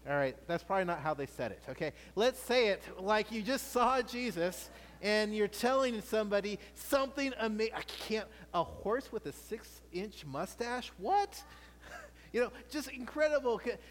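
High-voiced preacher in a reverberant hall. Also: male voice, normal speed. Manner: animated, with stammered restarts and playful asides. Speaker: pastor. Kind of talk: sermon.

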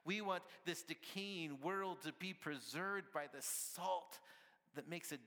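A man's voice: fairly high pitch, slow pace, bright, forceful tone, long reverb tail. A man preaching a sermon at church, conversational and playful, often asking the congregation "right?" with little laughs. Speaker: pastor.

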